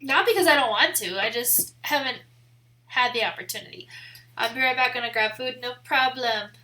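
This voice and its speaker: Young woman, bright tone, slightly high voice, rambling live-stream chat, from the midwest. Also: normal speed. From American Midwest. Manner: chatty and rambling, heavy use of "like", laughs often. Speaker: photography streamer.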